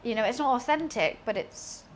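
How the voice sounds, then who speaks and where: Cooking at home, a young woman from Britain streams and chats casually, laughing at herself, rambling with fillers, and staying self-deprecating. Her slightly high voice is expressive and moves at normal speed, with slight background noise in her kitchen.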